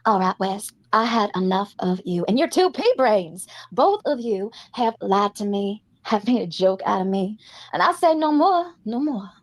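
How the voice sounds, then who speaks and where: A woman's voice: mid-range voice, animated, moderate pace, no echo, lightly acted. A woman voicing a tough-talking, confrontational woman in an amateur skit, threatening and swearing. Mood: scolding.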